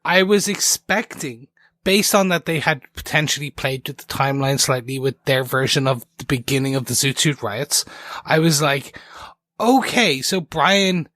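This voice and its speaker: A man's voice: medium pitch, moderate pace, pushed and bright, dry recording, studio quality. A man hosting a TV recap podcast in casual chat, talking eagerly and jumping between points with many restarts. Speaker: podcast host.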